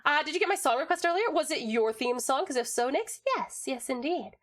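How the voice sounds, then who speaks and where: A young Tasmanian woman with a high, expressive voice chats casually on a livestream, greeting viewers and reading out chat messages. She's bubbly and giggly, switches topics fast, and swears casually.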